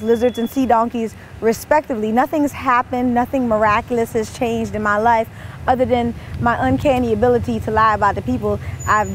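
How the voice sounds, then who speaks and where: A woman's voice: sits high, slight background noise. Exasperated woman in her twenties ranting. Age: 20s. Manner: animated, exasperated rants. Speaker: comedian. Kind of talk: comic monologue.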